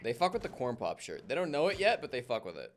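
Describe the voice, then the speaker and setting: A man's voice: medium pitch, huge pitch swings, fast. Chill guy doing stream commentary, voice jumps around a lot, faint hiss behind. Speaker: co-stream caster. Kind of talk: casual game commentary.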